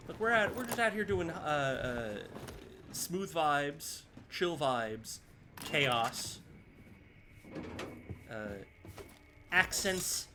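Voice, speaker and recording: A man's voice: on the high side, expressive, very slow, pauses often, bright, forceful tone. A man streaming a game live, chatting casually and scattered with viewers, swearing now and then. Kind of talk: casual gameplay commentary. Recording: music playing behind.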